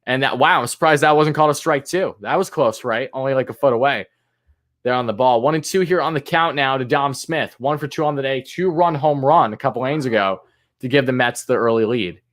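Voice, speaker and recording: A man hosting a live fan stream, calling pitches play-by-play and griping and swearing about the umpires in an exasperated voice that jumps high on big moments. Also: fairly quick, a bit bright. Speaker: fan commentator and stream host.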